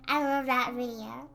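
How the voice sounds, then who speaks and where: A young woman streaming live, talking to her chat with a high, bright voice. She is animated and exasperated and often bursts out laughing. Faint music plays behind her. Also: gravelly.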